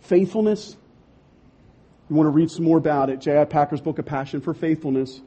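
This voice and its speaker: Impassioned husky-voiced male preacher. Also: fairly high pitch, a little fast, highs cut off. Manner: impassioned, swings from loud urging to quiet emphasis. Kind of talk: sermon.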